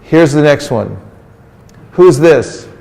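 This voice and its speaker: Man, sermon to a group, playful, teasing, call-and-response, slightly high voice, long echo of a large hall. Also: lively intonation, takes it slowly, vocal fry, a little mellow. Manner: coaxing the audience into call-and-response answers. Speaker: religious teacher.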